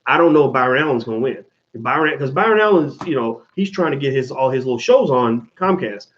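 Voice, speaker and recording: A man hosting his own show, answering viewer questions in an animated, casual monologue full of restarts and swearing. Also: medium pitch, fast. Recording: dull lo-fi sound.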